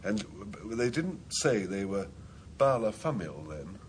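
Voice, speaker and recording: A man's voice: lowish voice, very animated, unhurried, a little hiss or hum. A man, a team captain on a panel word game, talking in a wry, anecdotal storytelling way.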